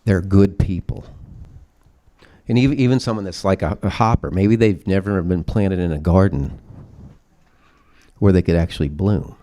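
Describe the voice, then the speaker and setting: A man's voice: low voice, moderate pace, mellow. A man speaking at a conference, emphatic and preachy, leaning on vivid metaphors. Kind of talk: open-forum conference talk.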